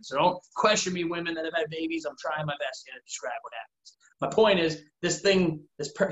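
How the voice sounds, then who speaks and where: In a roomy, dull-sounding recording, a man whose voice is a little high and a bit bright rambles earnestly in casual conversation. He leans on "like" as filler and acts out what people said.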